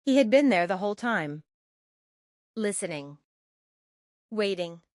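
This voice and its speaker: A woman narrating a scripted first-person story in calm, terse short sentences. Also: mid-range voice, a little slow, dry recording, studio quality.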